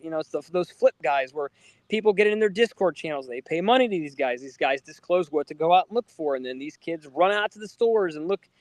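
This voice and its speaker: A man co-hosting a casual podcast, telling stories in a lively way and acting out the people he quotes. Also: fairly high pitch, no room sound. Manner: animated storyteller, acts out quoted people. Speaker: podcast co-host. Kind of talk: casual storytelling chat.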